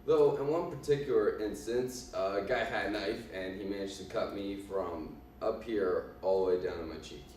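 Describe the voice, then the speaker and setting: A cocky 1920s gangster boss tells his tale in a low voice with a put-on Italian accent, as a man performs him for a class. He speaks haltingly, with many ums and uhs. The sound is very echoey and comes from a distance off the mic. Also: a little mellow, a little hiss or hum, natural voice. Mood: boastful. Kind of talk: in-character class presentation. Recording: echoey room from far off.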